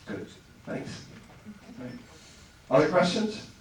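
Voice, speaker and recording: Chatty man in an echoey hall. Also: drawn-out words. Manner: stammering restarts, laughs easily. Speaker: guest actor at a fan convention Q&A. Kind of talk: casual convention Q&A. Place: large convention hall stage. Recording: echoey hall, far from the mic, noisy.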